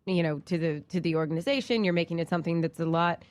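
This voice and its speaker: A woman's voice: lowish voice, quick pace, darkish tone. A woman co-hosting a casual talk show, chatty and rambling as she brings up news items. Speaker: podcast co-host. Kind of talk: casual chat.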